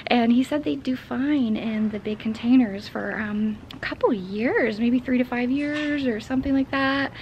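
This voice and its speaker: Woman, casual home vlog chat, gravelly texture, slightly high, rambles and coos at a pet. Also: moderate pace, hardly any pauses, darkish tone, a little hiss or hum. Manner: chatty, rambling, coos at her dog in a high voice. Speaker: vlogger. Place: home and backyard garden.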